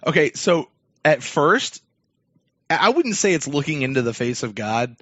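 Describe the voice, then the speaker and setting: A man's voice: a little high, sing-song, moderate pace, fairly bright tone, no echo. Rambling man telling a podcast story. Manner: rambling, many fillers and restarts. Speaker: podcast host. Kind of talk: casual storytelling chat. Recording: dull lo-fi dry sound.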